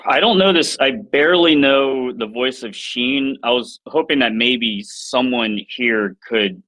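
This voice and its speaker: A man with a mid-pitched voice co-hosts a casual podcast conversation. He talks bluntly and swears freely. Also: unhurried, a bit bright, poor audio. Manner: blunt and profane. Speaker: podcast co-host. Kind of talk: casual chat.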